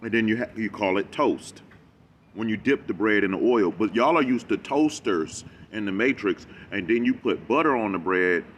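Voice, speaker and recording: A man giving a rambling, animated reaction commentary, talking back at a video he is watching. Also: lowish voice, normal speed, a little hiss or hum. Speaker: reaction vlogger.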